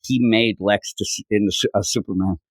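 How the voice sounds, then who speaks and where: A man hosting a podcast chats casually about a comic book at a fairly quick clip, acting out the lines with big swings in pitch as he recaps. No room sound is audible.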